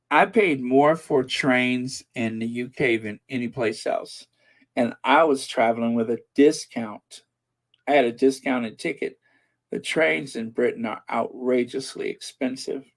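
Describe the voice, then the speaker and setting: A man talks slowly and at ease on a live stream, musing aloud as he reads viewer comments. His voice sits at a middle pitch, and he drifts through fillers and restarts without hurry. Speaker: channel host reading viewer comments. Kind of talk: casual live-stream chat.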